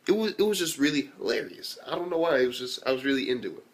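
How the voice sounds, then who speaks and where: A young man giving a casual anime review, animated and swearing freely as he retells scenes. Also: mid-range voice, fast, few pauses. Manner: animated, swears a lot, acts out quotes.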